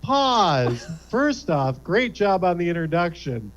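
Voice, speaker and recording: A man's voice: high voice, big pitch swings, slow, muffled recording, a little hiss or hum. A man, a comedy panelist, narrating a mock corporate training video in a cheesy announcer tone.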